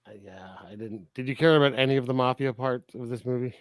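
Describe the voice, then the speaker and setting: A man's voice: mid-range voice, fast, no room sound. A man co-hosting a film review podcast in casual chat, often laughing as he recaps scenes. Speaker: podcast co-host.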